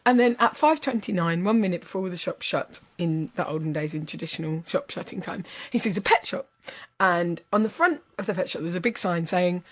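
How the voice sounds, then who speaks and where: A woman's voice: on the low side, brisk. A woman, rambling through a long joke on a podcast and correcting herself as she goes. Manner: rambling, playful, self-correcting. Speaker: podcast host telling a joke. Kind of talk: casual storytelling.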